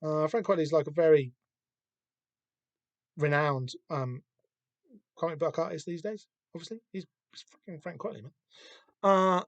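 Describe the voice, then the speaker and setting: A man's voice: on the high side, normal speed, long pauses, dry recording. A man with a Southern English accent hosting a podcast, giving casual comic-book commentary in a rambling, sweary, self-deprecating way. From Southern England. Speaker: podcast host.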